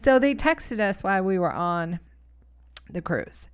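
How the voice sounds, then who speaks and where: A middle-aged woman chatting on a casual live stream from home. She tells stories in a lively, animated way and laughs often. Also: medium pitch, measured pace, clean tone.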